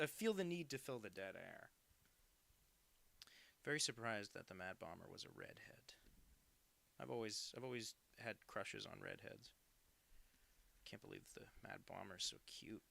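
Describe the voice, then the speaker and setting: An American cartoonist in his twenties rambles casually on a live stream as he draws, poking fun at himself. His voice is lowish and sharp-toned, with vocal fry.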